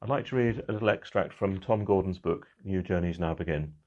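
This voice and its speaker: A middle-aged man, a church minister, giving a measured, reflective midweek talk that slows on key phrases. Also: low voice, a little mellow.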